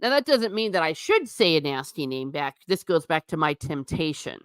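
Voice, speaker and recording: A woman's voice: sits low, animated, moderate pace, dry recording. Chatty, emphatic woman host, dry sound. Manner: chatty and emphatic, repeating for effect. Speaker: livestream host. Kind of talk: casual livestream chat reading comments.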